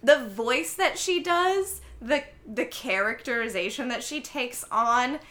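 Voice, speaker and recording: A woman's voice: fairly high pitch, expressive, takes it slowly, sharp tone. A woman co-hosting a casual film podcast, talking effusively and enthusiastically. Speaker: podcast co-host. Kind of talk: casual chat about films.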